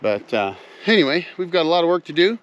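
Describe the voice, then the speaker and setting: A man's voice: fairly high pitch, sing-song, fast, highs cut off, noisy background. A man chatting casually to his viewers as he walks around wooded land outdoors, talking in a folksy way and calling them folks. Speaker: vlogger, off-grid cabin builder. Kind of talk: casual vlog narration while walking.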